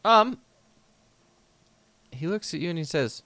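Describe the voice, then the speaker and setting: A man's voice: fairly high pitch, lively intonation, takes it slowly, long pauses, bright, forceful tone, no echo. A man narrating as game master of a tabletop game, rambling along with many fillers.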